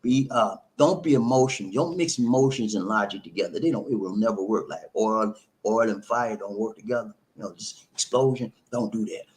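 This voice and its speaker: A man's voice: lowish voice, brisk, a little mellow. Emphatic man giving relationship advice. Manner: emphatic, preachy, repetitive, calls listeners "man".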